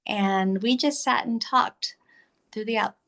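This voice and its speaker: A woman in her fifties, a guest telling her story in an unhurried, friendly way. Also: medium pitch, a bit bright. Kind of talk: casual interview storytelling.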